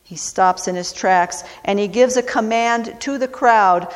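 Slow, deliberate woman preacher in a hall. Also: fairly high pitch. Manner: slow, deliberate, repeats phrases for emphasis. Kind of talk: sermon. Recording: long hall reverb.

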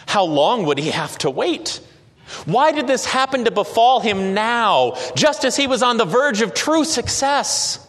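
A man narrating a story slowly and dramatically, with occasional hesitations. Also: very high voice, sing-song, a bit bright. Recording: long reverb.

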